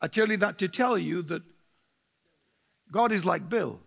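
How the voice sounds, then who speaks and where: Animated, gravelly-voiced male preacher. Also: high-pitched, a little slow. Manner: humorous, laughing, animated storytelling. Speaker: pastor. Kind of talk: sermon.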